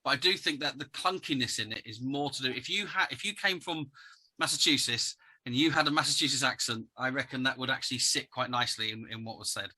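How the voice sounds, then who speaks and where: Bright, sharp-toned bloke, opinionated podcast co-host. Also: male voice, medium pitch, fast. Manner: chatty and opinionated, with many restarts. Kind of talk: casual chat.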